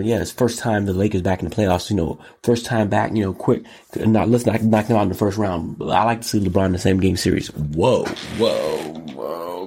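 A man hosting his own show, talking solo in an animated, exclamatory way, riffing and repeating words in long runs. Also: lowish voice, husky. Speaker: show host. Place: Los Angeles.

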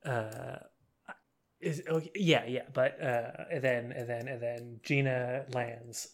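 A man's voice: mid-range voice, slow pace. A man in casual conversation, recapping a film with frequent laughter and many restarts. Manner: animated, laughs often, stumbles and restarts.

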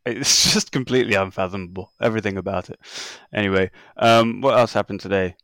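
A man's voice: on the low side, fairly even intonation, a little fast, a bit bright, dry recording, studio quality. Exasperated, sardonic man on a podcast. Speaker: podcast co-host. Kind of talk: casual football chat.

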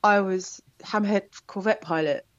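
A woman's voice: mid-range voice, moderate pace, no room sound. Chatty woman guest, slightly muffled. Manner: chatty, animated storytelling with laughs. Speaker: actor guest. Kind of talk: casual interview chat.

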